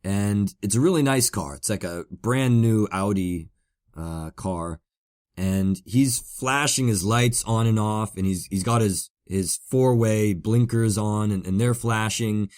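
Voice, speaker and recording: A man's voice: lowish voice, unhurried, darkish tone. A man hosting a podcast, telling a casual story in a rambling way with many fillers and repeated words. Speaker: podcast host.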